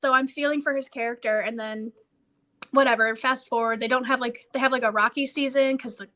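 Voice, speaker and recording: A young woman chatting as a podcast co-host, her voice bright and sharp and pitched a bit high. She tells stories in a gushy, animated way. "Like" and "literally" come up in nearly every sentence. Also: fairly quick. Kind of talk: casual chat.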